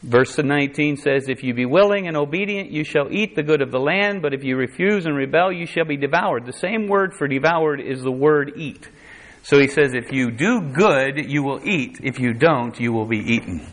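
A man's voice: on the high side, expressive, moderate pace. A man preaching a conversational sermon, quoting scripture in a dramatic voice. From United States.

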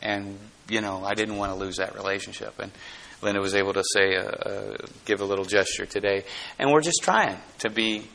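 A man's voice: lowish voice, fairly quick, gravelly, sharp tone. A middle-aged man preaching a sermon in a conversational, folksy way, asking the congregation questions and laughing often. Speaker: pastor.

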